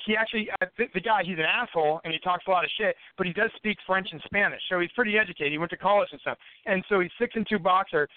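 Fast, high-voiced man telling profane stories. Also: no echo. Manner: profane, rambling, animated. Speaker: podcast guest, fighter. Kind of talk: casual storytelling. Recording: tinny phone-like line, dry.

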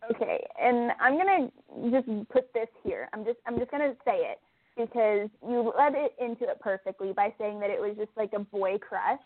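A woman co-hosts a casual chat in a fairly high voice, animated and quick to laugh. She gets heated and emphatic as she talks. The sound is thin and phone-like, with a dry, close feel. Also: no echo. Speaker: podcast co-host. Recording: tinny phone-like line, dry.

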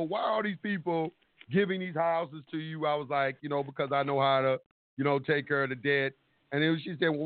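With a voice on the higher side and no echo, a man phones in to a radio talk show. His long story comes out full of energy, with every person's words acted out and casual swearing, all over a tinny, dry phone line.

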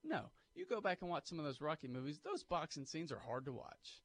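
A man's voice: on the high side, brisk, no room sound. Man, sports radio co-host, emphatic opinions, studio mic. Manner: animated, pushes hot takes and emphatic opinions. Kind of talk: casual sports talk radio. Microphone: studio microphone.

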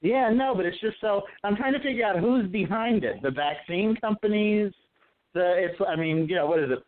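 A man's voice: high-pitched, moderate pace. Profane, gossipy man on a phone-like line. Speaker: co-host. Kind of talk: casual podcast chat. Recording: phone-like narrow sound.

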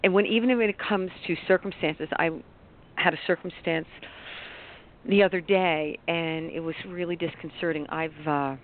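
A woman coach on a radio talk show, telling a personal story in an animated, rambling way with bursts of excitement. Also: on the low side, normal speed. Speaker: life coach guest. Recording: tinny phone line.

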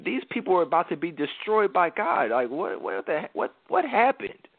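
A man's voice: on the high side, very animated, moderate pace, no room sound, pitched above the performer's own voice. A man doing Moses as an exasperated prophet. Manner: exasperated questioning in slang. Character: Moses, angry prophet grilling his brother. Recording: dry thin phone-like sound.

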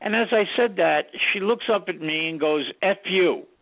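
A former studio sound engineer, his voice sitting high at a normal speed, casually tells anecdotes in an interview. He's an animated storyteller who acts out quoted dialogue, and the audio is tinny and phone-like, as on radio.

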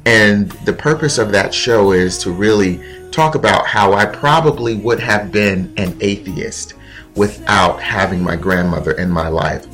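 A man hosting his own show, talking in a reflective, heartfelt monologue with pauses and fillers. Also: lowish voice, fairly bright tone, soft background music. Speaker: podcast host.

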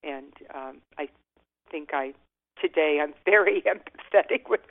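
A woman's voice: low voice, a little slow. Older woman on a tinny phone line. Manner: candid, reflective, often laughing softly. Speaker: guest author. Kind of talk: interview. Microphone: telephone.

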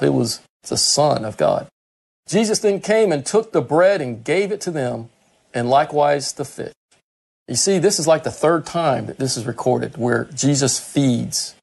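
A man preaching a sermon, reading scripture verse by verse and explaining it in his own words, slowing down for quoted lines and speeding up when he acts out a character. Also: creaky, a little mellow. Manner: slows right down for quoted words, speeds up and climbs in pitch when acting out Peter.

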